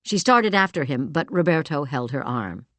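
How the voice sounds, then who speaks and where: A woman narrating a romance audiobook in an expressive storytelling manner, also speaking the heroine's lines. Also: low-pitched, normal speed, no echo. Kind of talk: scripted narration.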